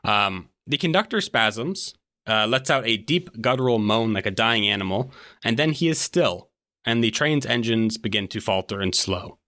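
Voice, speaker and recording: Bright-voiced male game master. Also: lowish voice, lively intonation, moderate pace. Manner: vivid, descriptive narration. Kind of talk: narrating a tabletop game.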